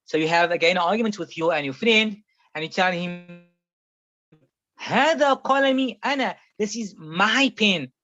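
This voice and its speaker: A man's voice: sits high, normal speed, sharp tone. A man teaching a classroom Arabic grammar lesson, patiently explaining and repeating each example several times. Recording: muffled, slightly lo-fi sound.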